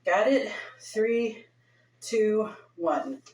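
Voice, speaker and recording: A woman's voice: medium pitch, expressive, very slow, a little mellow. A woman leading a home workout, counting reps aloud in a chatty, offhand way and sounding winded. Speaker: fitness instructor. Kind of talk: casual workout instruction. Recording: echoey room from far off.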